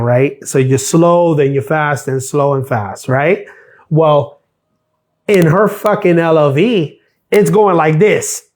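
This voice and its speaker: A middle-aged man hosting a live stream, ranting bluntly and sarcastically about his workplace and swearing freely. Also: on the high side. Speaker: live stream host, former mail carrier.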